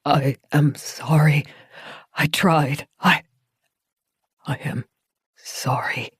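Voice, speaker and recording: A spent, freezing man barely gets his words out between gasps, as a woman reads him. The voice is low and faint, recorded dry and close for an audiobook. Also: fairly even intonation, drawn-out words, breathy edge, no echo, full character voice. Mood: weak defeated. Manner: gasping, faint, broken apology. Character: freezing exhausted man, weak and defeated.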